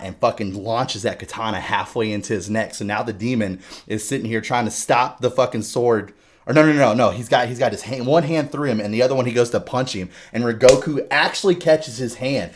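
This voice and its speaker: A man hosting a casual podcast chat, retelling a movie with animated, sweary storytelling. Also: mid-range voice, quick pace. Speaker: podcast host.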